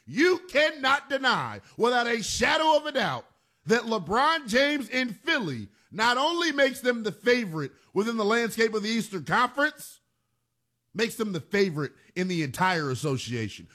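A sports radio host talks in a high, bright register that swings widely as he drives home each point. He is emphatic and animated, and he leans on repeated phrases for punch. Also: normal speed. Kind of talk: sports talk radio monologue.

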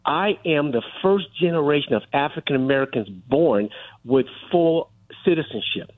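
A man's voice: a little high, normal speed. A middle-aged man calling in to a radio talk show, making his argument insistently and holding the floor. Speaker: caller. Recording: tinny phone line.

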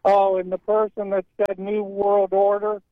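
Brief: high-voiced male caller, plain-spoken grumbler, thin dry phone line. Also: monotone, unhurried, no room sound. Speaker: radio caller. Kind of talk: call-in talk radio.

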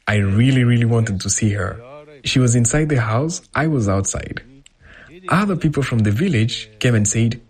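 A man with a husky voice reading a translated first-person account as a voice-over, in a lively storytelling manner. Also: mid-range voice, normal speed. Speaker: voice-over interpreter.

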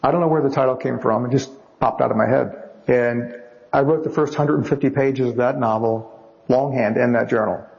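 Gravelly-voiced man telling anecdotes. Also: mid-range voice, brisk, dull audio. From United States. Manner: animated anecdotes, acts out other people's lines. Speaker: novelist guest. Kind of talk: casual storytelling interview.

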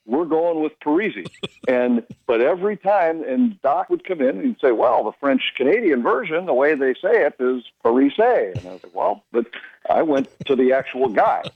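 A man who works as a hockey broadcaster, chatting casually on a radio show and telling anecdotes with quick imitations of the people he quotes. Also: a little high, very animated, creaky, breathy edge, no echo, phone-quality sound. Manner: storytelling, mimics others' voices in quotes.

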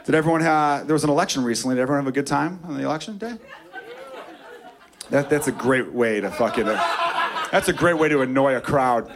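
A man's voice: mid-range voice, a little fast, heavy background noise. A man doing a stand-up comedy set in a loose, rambling style with ranting acted-out asides. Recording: crowd audible behind the voice.

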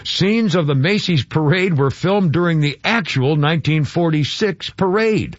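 A man hosting a casual radio show, chatty and quick to laugh, thinking aloud as he talks. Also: fairly high pitch, lively intonation, no room sound, muffled recording. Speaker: radio host.

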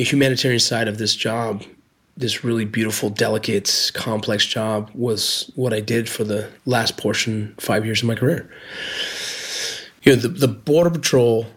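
Earnest husky man telling his story. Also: on the low side. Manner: earnest, reflective, with restarts. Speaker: guest, former Border Patrol agent. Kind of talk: personal storytelling.

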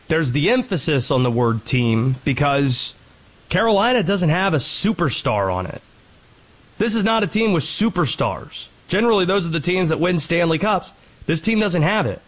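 Sports host, brisk talker, rattles stats with a high, lively voice. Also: male voice, poor audio. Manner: animated, quick rattling off of stats. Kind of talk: sports commentary monologue.

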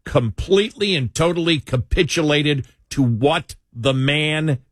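A man's voice: on the high side, unhurried, breathy edge, no echo, clean studio sound. A man co-hosting a talk show, talking in an emphatic, opinionated way and repeating himself for effect. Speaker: co-host.

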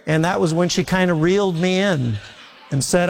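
A man preaching a sermon with homespun stories, slowing down to lean on scripture. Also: high-pitched, creaky. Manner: folksy storytelling preacher, slows down for scripture. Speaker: pastor.

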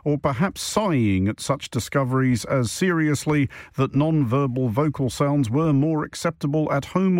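A man's voice: medium pitch, darkish tone, no echo. A man hosting a radio panel show, chatting with dry, wry humor. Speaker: host. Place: radio studio.

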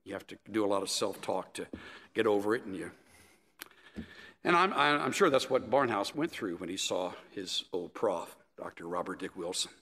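A male pastor preaching a sermon in a measured, emphatic way. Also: on the low side, animated, a bit bright. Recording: echoey hall with long reverb.

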